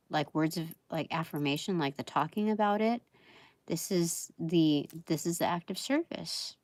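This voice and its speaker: A woman reading tarot cards on a live stream, talking in a meandering, halting way full of fillers, with soft laughs between thoughts. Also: on the low side, dry recording. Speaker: tarot reader.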